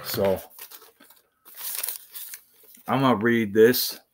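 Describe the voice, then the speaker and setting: Slow-talking man preaching to camera. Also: on the low side, steady tone, a little hiss or hum. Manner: halting, full of fillers and restarts. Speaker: vlogger. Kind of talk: rambling preaching monologue.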